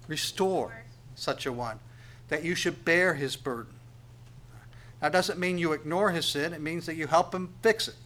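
A man with a fairly high voice preaches a sermon, reading verses slowly and then explaining them conversationally. He swings between loud, emphatic reading and quiet asides.

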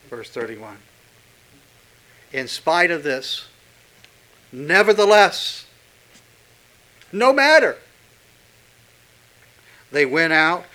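A man preaching a sermon, pressing hard on key words and dropping to a hush when quoting Scripture. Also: mid-range voice, rough recording. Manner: emphatic, swinging from loud stresses to hushed quotes. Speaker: pastor.

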